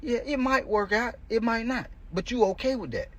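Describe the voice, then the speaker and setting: A man's voice: very high voice, animated, normal speed, a bit bright, lo-fi sound. A male coach hosting a podcast, giving a blunt, profane motivational monologue in casual street talk.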